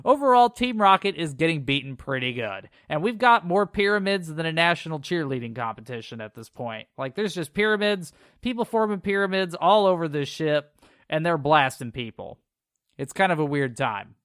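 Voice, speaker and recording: A man's voice: a little high, lively intonation, normal speed, fairly bright tone, smooth, dry recording, studio quality. A man co-hosting a podcast, reading an episode summary in a casual way and dropping sarcastic asides. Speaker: podcast co-host recapping episodes.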